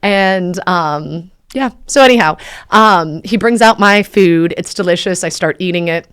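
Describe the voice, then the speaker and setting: A woman's voice: measured pace, clean tone. A woman in her thirties, a podcast host, telling a story in a casual, chatty way and acting out the people she quotes. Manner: chatty, animated, acts out quoted dialogue with pitch jumps.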